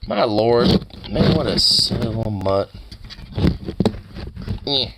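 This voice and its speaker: Man baby-talking his dog, swinging pitch. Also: animated, slow, very noisy. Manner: teasing baby talk with swearing. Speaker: pet owner vlogger. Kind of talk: casual talk to a pet dog.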